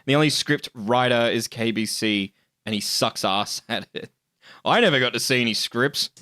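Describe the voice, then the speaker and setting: A man's voice: mid-range voice, moderate pace, sharp tone, dry recording, clean studio sound. Profane joking man. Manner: profane, joking, laughs often. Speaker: streamer host. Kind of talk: casual chat.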